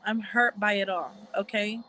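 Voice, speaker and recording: A woman's voice: mid-range voice, fairly even intonation, moderate pace, sharp tone, poor audio. A woman ranting emotionally to her viewers in casual talk, heated and repetitive, with religious asides. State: crying. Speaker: commentary vlogger.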